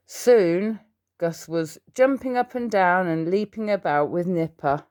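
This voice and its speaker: A woman reads a children's storybook aloud at a slow, unhurried pace. Her voice sits fairly low, and she turns to the listener with small asides now and then. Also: a little mellow.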